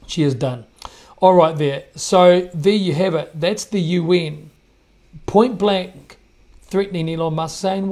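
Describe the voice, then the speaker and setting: A man's voice: high voice, slow, darkish tone. A man hosting a podcast, giving indignant, emphatic commentary on played clips and often repeating himself. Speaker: podcast host.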